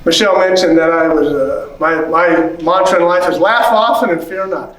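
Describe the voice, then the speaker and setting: A man in his fifties, a pastor telling a personal story at a conference. He talks in an animated way and acts out the voices of the people he quotes. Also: high-pitched, normal speed. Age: 50s. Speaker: pastor and church consultant. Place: large conference hall. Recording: echoey hall, voice from a distance.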